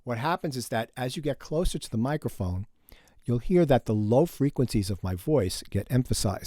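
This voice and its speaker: A man's voice: mid-range voice, expressive, normal speed, dark tone. A man teaching an online music production class, explaining microphones in a casual way while he demonstrates the gear. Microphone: studio condenser microphone, moved around.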